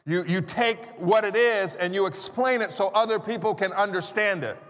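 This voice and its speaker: A pastor's notably high, fairly bright voice fills a large church sanctuary with long reverb, and slight background noise can be heard. Speaking at normal speed from the pulpit, he preaches conversationally, posing rhetorical questions and making humorous asides.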